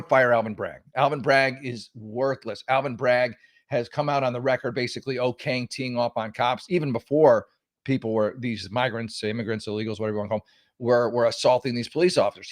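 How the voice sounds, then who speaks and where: A man's voice: medium pitch, dry recording, clean studio sound. A male talk show host giving casual political commentary in a sarcastic, mocking, rambling way with many restarts.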